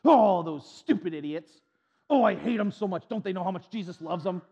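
A man's voice: high-pitched, lively intonation, normal speed, gravelly, a little mellow, breathy edge, lo-fi sound, exaggerated voice. A man putting on the moaning voice of a sour, helpless churchgoer who only complains. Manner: whiny, moaning sighs.

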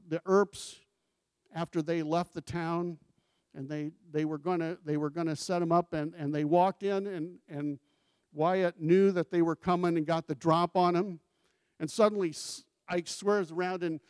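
A man's voice: a little high, darkish tone, smooth, dry recording, clean studio sound. A male pastor preaching a sermon in a conversational way, asking the congregation questions and giving scripture quotes with emphasis.

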